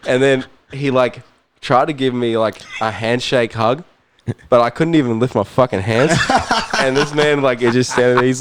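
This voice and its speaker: A man with a New Zealand accent, a guest musician, telling a story in casual chat, animated, laughing often and swearing freely. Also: medium pitch, slight background noise. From New Zealand, Auckland.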